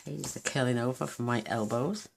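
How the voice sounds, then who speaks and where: Gravelly, gushing woman crafter. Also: rumbling low, brisk, background noise. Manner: chatty and gushing, thinking aloud while working. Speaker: craft channel host. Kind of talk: casual card-making tutorial.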